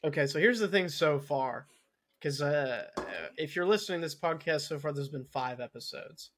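Young man, podcast co-host, relaxed, storytelling, fairly high voice. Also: moderate pace, slight background noise. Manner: relaxed storytelling, quotes friends' reactions. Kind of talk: casual chat.

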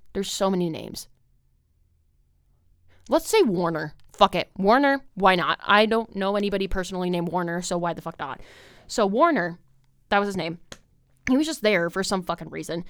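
A woman's voice: medium pitch, smooth, no room sound, clean studio sound. A young woman hosting a podcast, telling a long story in a rambling casual monologue, full of "like" and swearing. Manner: filler-heavy, swears a lot. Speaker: podcast host.

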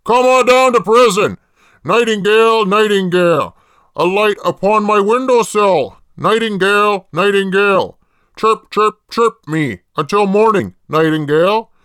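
A man's voice: high voice, a little slow, a bit bright, smooth, dry recording, clean studio sound. A man doing a gleeful, vulgar jailed killer. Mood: mock-poetic. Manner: mock-poetic, profane taunting. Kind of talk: comedic impression bit.

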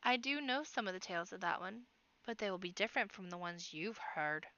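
A woman's voice: medium pitch, expressive, fairly quick, bright, forceful tone, no room sound, lo-fi sound. A woman voicing an old, wry rabbit bard who mutters knowing put-downs.

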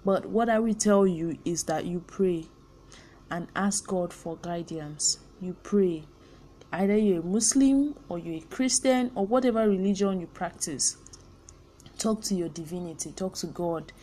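A woman's voice: lowish voice, a little slow, warm tone. A young Nigerian woman hosting a personal podcast, speaking candidly and earnestly and slipping in pidgin phrases. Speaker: podcast host.

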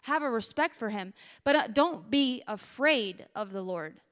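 High bright-voiced woman preaching. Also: a little slow, big-room sound. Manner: animated, repeats phrases for emphasis. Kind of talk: sermon.

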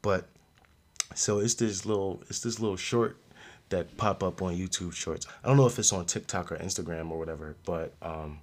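A young man hosting a podcast, giving a casual, slangy review of a show with frequent laughs and animated outbursts. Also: moderate pace. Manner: animated, slangy, laughs often, loud jumps in pitch. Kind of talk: casual solo review chat.

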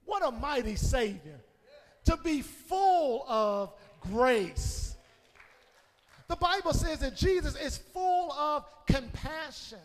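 A man preaching a sermon as pastor, calling on the congregation and swinging between shouted peaks and hushed low passages. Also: lively intonation, slow, a little hiss or hum. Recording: long hall reverb.

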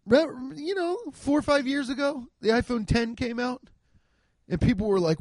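A man doing a casual comedic rant, profane and excitable, acting out the voices of people he quotes, on a handheld mic. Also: high voice, fairly quick, dry recording. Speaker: stand-up comedian. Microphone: handheld microphone.

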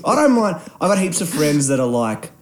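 A man co-hosting a casual podcast, telling stories with lots of swearing and mimicking people. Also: fairly quick. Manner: animated storytelling, swearing, mimics others in high voices. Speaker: podcast co-host.

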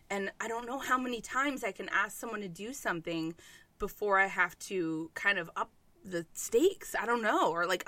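A woman's voice: mid-range voice, pushed and bright, dry recording. A woman telling a candid parenting story in casual chat, swearing freely.

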